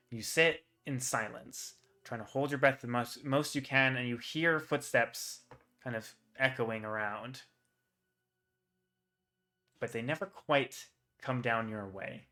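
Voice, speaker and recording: Male GM, bright mid-pitched voice, easygoing rambling narration, soft music bed. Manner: casual, rambling with fillers, voices side characters briefly. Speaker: game master. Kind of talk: narrating a tabletop game on stream.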